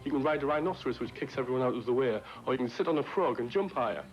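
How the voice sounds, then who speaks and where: A man's voice: mid-range voice, expressive, very fast. A man giving an enthusiastic 1990s TV game review. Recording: dull noisy 1990s TV archive.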